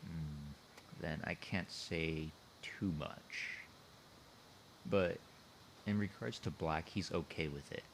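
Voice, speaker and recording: Low-voiced man chatting over a call. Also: slow, gravelly, long pauses, slight background noise, poor audio. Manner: thinks aloud, circles back to his points. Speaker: writer discussing his own story. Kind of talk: casual explanatory chat.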